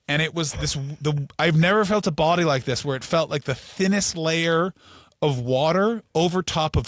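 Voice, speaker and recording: A middle-aged man from Canada, a comedian telling stories as a podcast guest in a quick, animated, profane way. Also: a little high, dry recording, studio quality. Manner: animated, profane, fast storytelling. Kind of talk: storytelling interview.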